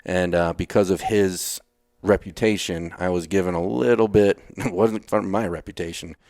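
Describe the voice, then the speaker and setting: A retired Navy SEAL from Texas, appearing as a podcast guest, tells blunt, casual stories, swearing casually and acting out lines he once said. His low voice has fairly even intonation, a moderate pace and a darkish tone, in clean studio sound with no room sound.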